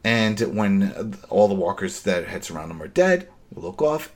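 A man hosting a podcast, recapping a TV episode in casual, animated chat with quick asides. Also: sits low. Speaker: podcast host.

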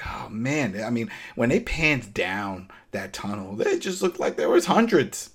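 A man's voice: mid-range voice, measured pace, husky. A man in casual chat, animatedly recapping a show episode and acting out the characters' lines. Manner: animated retelling, acts out quotes.

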